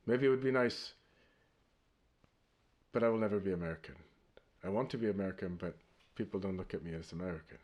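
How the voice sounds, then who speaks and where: Man quoting a blunt tough barber, lowish voice, quick clipped delivery. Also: a little mellow. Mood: wistful.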